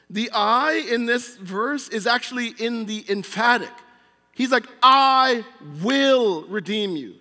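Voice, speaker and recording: A middle-aged male pastor preaching a sermon in an earnest style, often dropping to a quiet, low voice. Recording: long hall reverb.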